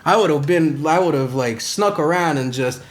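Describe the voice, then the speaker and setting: A man's voice: a little high, normal speed, natural voice. A man playing Spider-Man as a profane, rambling superhero in a comedy podcast rant, firing off rhetorical questions in a put-on accent that keeps slipping. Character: brash profane young male superhero, ranting.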